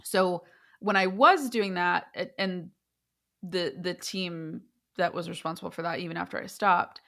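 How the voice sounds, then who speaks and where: A woman in her thirties, a therapist and podcast co-host, chatting casually and animated when she tells a story. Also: lowish voice, measured pace, gravelly.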